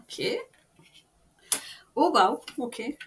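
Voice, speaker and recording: A woman's voice: fairly high pitch, big pitch swings, slow, a little hiss or hum. A Scottish woman hosting a tarot reading video, emotional and stopping often to compose herself. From Scotland. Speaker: tarot reader host.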